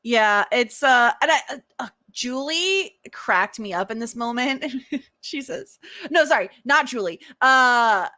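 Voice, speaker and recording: A woman's voice: on the high side, lively intonation, unhurried, sharp tone, no echo, clean studio sound. A woman hosting a podcast, casually recapping a TV episode in a chatty way, with many restarts and laughs. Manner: chatty, lots of fillers and restarts, laughs while retelling scenes. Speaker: podcast host.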